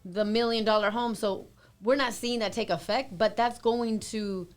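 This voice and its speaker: A woman's voice: fairly high pitch, steady tone, moderate pace, slight background noise. A woman on a casual panel chat, earnestly explaining her own view at length.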